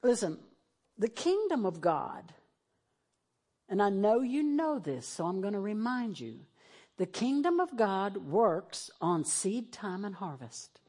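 A woman's voice: mid-range voice, very animated, slow pace, darkish tone, slightly rough. Emotional woman preacher. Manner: emotional, shifts between fervent and tearful. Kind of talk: sermon. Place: church sanctuary, televised.

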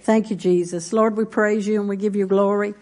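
A woman's voice: medium pitch, fairly even intonation, a little fast, darkish tone. A middle-aged woman pastor, preaching a folksy sermon full of stories. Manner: folksy, storytelling, with congregation responses.

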